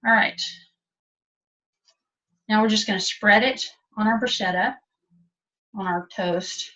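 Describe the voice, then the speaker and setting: Taking it slowly, a cooking instructor with a medium-pitched, fairly bright voice gives a chatty, practical step-by-step demonstration in a kitchen. The recording is webinar audio that sounds distant and dull.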